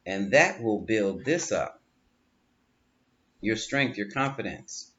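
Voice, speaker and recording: A man reads tarot cards in a medium-pitched, fairly bright voice, chatty and coaching, reassuring his listener while often repeating words and laughing. It's recorded as dull lo-fi audio with faint room ambience.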